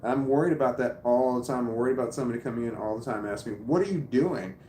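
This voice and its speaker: A man's voice: mid-range voice, steady tone, rapid-fire, dark tone, slight background noise. Rambling man with a stammer, echoey room. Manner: stammers, repeating words while searching; rambling, thinks aloud. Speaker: live streamer reading chat. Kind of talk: casual chat.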